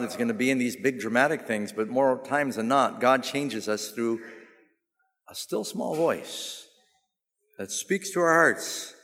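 A man preaching a sermon in a big reverberant hall, his voice trailing off into a long echo. He tells stories with a wry, humorous touch and then builds up to emphatic, animated preaching. His pitch sits in an ordinary middle range. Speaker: pastor.

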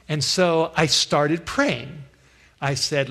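A male pastor gives a slow, earnest testimony from the pulpit. His voice sits a little higher than most men's, and he often restarts his phrases as he tells the story. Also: animated, a bit bright, husky. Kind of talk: sermon testimony.

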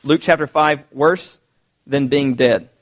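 A man preaching a sermon, reading scripture aloud and acting out quotes in a lively, conversational way. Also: mid-range voice, slow pace. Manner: animated, conversational, acts out quotes.

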